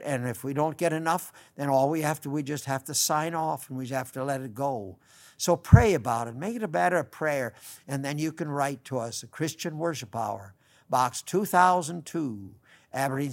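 Older male radio preacher, fervent and pleading, voice a touch high, punches key lines and drops to a hush. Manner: fervent, pleading, swings between loud emphasis and soft earnest tones; quotes scripture in old-fashioned phrasing. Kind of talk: radio sermon.

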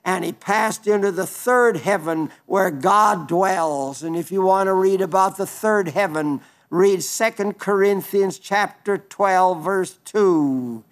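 A man's voice: high-pitched, slow pace, few pauses. An older man preaching an earnest, folksy sermon, pleading with his listeners, often restarting his words.

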